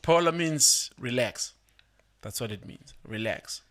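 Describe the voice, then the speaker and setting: A young man, a rapper, calmly explaining his songs in a casual podcast chat, laughing often. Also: medium pitch, slow pace. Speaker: guest rapper.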